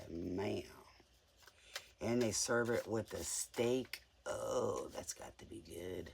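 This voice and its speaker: A man's voice: mid-range voice, vocal fry, noisy background. A man giving a casual live tarot reading in a playful, joking way, often giggling. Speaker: tarot reader.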